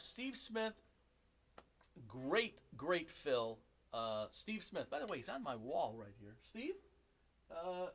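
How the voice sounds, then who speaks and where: A man giving a casual drum lesson in his basement drum room, chatty and enthusiastic, joking about himself. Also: high-pitched. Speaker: drum teacher.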